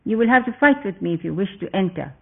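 A man voicing a gruff demon gatekeeper woman. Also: high-pitched, animated, quick pace, full character voice. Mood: demanding. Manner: gruff and commanding. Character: fierce female demon gatekeeper, gruff and threatening. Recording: tinny phone-like sound.

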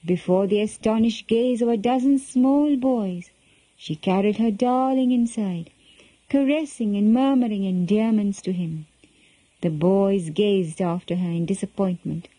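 A woman reading a devotional story aloud in a slow, solemn, measured way. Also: mid-range voice, mellow, no room sound, low-quality recording. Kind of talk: scripted narration of a devotional tale.

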